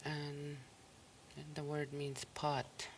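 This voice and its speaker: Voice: medium pitch, slow, a little hiss or hum. A language teacher on a recorded listening lesson, repeating each word patiently and breaking it into syllables. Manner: patient, even explaining tone.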